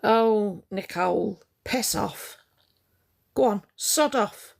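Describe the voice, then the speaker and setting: Cross, sarcastic woman with a gravelly voice. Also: mid-range voice, slow pace. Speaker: livestream host. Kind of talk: ranting livestream talking to chat.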